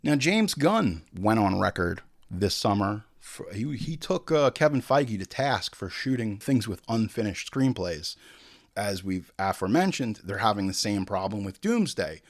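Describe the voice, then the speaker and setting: A man's voice: fairly low pitch, sing-song, measured pace. A male host giving casual comedic commentary, joking and swearing freely.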